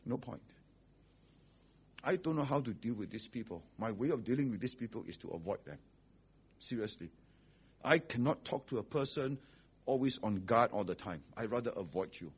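A man's voice: medium pitch, animated, normal speed, long pauses, breathy edge. A man preaching a sermon as pastor, blunt and rhetorical, often asking "okay?" and "right?".

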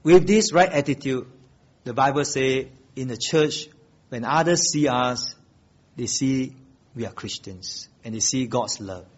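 A man preaching a sermon with emphatic delivery, swinging between loud and soft and repeating key phrases while asking the congregation questions. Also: a little slow, dull audio. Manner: emphatic preaching with wide swings in pitch and loudness. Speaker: pastor.

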